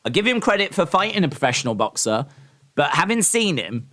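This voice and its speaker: A man's voice: fairly high pitch, very animated, brisk, a bit bright. A man hosting a casual live stream, talking in a rambling, opinionated way with lots of ums and restarts. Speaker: live-stream host reacting to wrestling and boxing.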